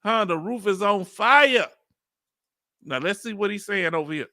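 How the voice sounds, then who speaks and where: A man with a Southern accent hosting a reaction video, talking casually in a playful, animated way and laughing often. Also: high voice, a little slow, no echo, studio quality. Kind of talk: casual live reaction commentary.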